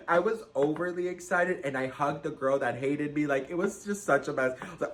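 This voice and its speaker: A man vlogging a storytime, dramatic and animated, with big jumps in pitch and loudness and a sassy, campy manner. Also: a little fast, few pauses. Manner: campy, sassy, says "girl" and "okay" a lot. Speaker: celebrity gossip vlogger. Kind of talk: casual storytime chat.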